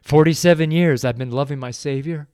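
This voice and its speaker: Praying and giving testimony on his devotional podcast, this middle-aged host sounds tearful, emotional, slow and earnest. His voice is on the high side, darkish, clear and resonant, captured in a dry, clean studio recording.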